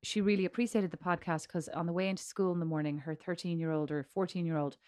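A woman's voice: fairly low pitch, steady tone, fast talker, dark tone. A middle-aged woman with an Irish accent co-hosting a podcast in casual chat, teasing and rambling, laughing often. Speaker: podcast co-host.

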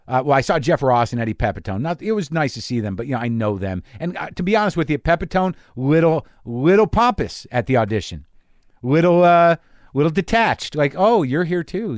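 A man's voice: fairly high pitch, no room sound, clean studio sound. A man hosting a podcast from a garage, telling stories in a rambling, profane, self-deprecating monologue. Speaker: podcast host. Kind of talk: casual monologue. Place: garage studio.

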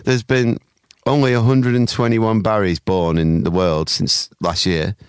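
A man's voice: on the low side, flat delivery, measured pace, clear, resonant tone, no room sound, studio quality. A man co-hosting a podcast in casual chat, blunt, sweary and jokey. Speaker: podcast co-host.

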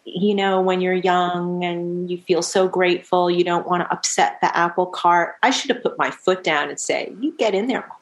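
A middle-aged woman with a slightly low voice tells stories from her music career in a casual interview. She is animated, laughs often and acts out the lines of the people in her stories. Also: moderate pace, hardly any pauses. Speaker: musician guest.

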